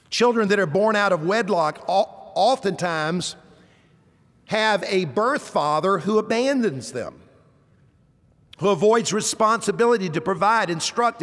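A middle-aged man preaching a sermon, leading the listeners in call-and-response with slow, emphatic phrases. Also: high-pitched, a bit bright, in a large hall. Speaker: university president preaching.

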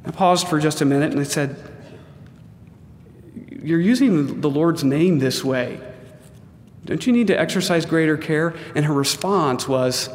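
A man's voice: on the high side, a little slow, pauses often, slight background noise. Earnest man preaching in a reverberant hall. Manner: earnest, emphatic preaching with acted-out quotes and humor. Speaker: pastor. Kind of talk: sermon.

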